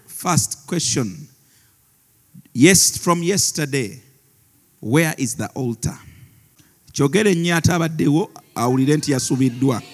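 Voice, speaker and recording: High-voiced pastor, slow and gravelly. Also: male voice, a bit bright. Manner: laughs often, mixes in Luganda phrases. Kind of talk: sermon. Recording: long reverb of a large hall.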